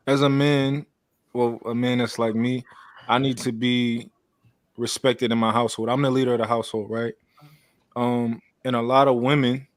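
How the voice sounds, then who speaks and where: A man on a live panel giving his view in earnest, halting, thinking aloud. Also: medium pitch, dry recording. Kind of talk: casual opinion chat.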